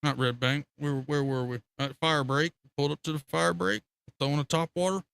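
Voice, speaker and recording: A man's voice: a little high, fairly quick, creaky, clean tone. A man telling rambling, profane fishing stories on a casual live stream. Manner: rambling, profane, animated storytelling with laughter.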